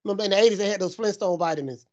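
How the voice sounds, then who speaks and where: A man's voice: sits high, very fast, dull audio. A man co-hosting a podcast in casual chat, reminiscing in a rambling, slangy way with lots of fillers. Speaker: podcast co-host.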